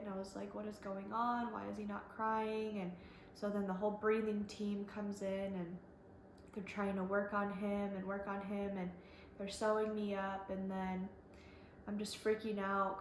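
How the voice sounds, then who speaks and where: Young woman, casual storytelling, flat delivery, echoey room, faint background hiss. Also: mid-range voice. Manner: chatty, fillers, quotes others. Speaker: vlogger.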